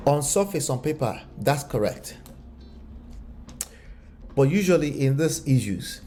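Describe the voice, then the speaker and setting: A man commenting on a relationship video, animated and full of rhetorical questions. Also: mid-range voice, unhurried, pauses often. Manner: animated, rhetorical questions, slips into acted voices. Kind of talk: reaction commentary.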